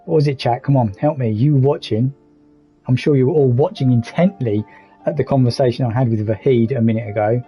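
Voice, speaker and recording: A man's voice: mid-range voice, a little fast, lo-fi sound, faint music behind. A man streaming a game, joking and chatting with viewers about his play. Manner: jokey, self-mocking, chats with viewers. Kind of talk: live game commentary.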